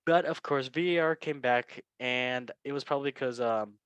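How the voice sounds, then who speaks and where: A man's voice: mid-range voice, normal speed, fairly bright tone, clean tone, no echo. Guy hosting football chat, joking around, dry close sound. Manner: joking, chatty, laughs at own lines. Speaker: podcast host. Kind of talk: casual football news chat.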